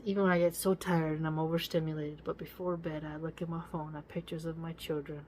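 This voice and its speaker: A woman's voice: fairly low pitch, little pitch movement, brisk, hardly any pauses, darkish tone. A woman giving casual spoken commentary on a book. She talks to listeners directly in a preachy, emphatic way and repeats words for stress.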